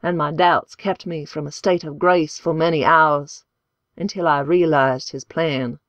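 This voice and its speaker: A woman voicing a fervent male preacher with a hoarse voice, speaking in a solemn, preaching cadence in an audiobook. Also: low-pitched, fairly even intonation, a little slow, no echo, lo-fi sound. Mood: anguished. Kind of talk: audiobook character voice.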